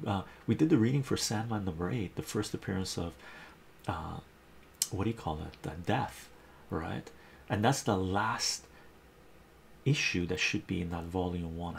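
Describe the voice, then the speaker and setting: Deep gravelly man chatting about comics. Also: a little hiss or hum. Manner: enthusiastic, reads out chat messages and covers. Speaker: live stream host. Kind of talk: casual chat about comic books.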